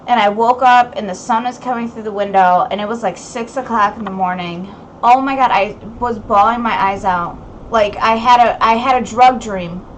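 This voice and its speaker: A woman's voice: medium pitch, slight background noise, low-quality recording. A young adult woman hosting a casual recovery podcast, talking candidly with many fillers and some swearing. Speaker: podcast host.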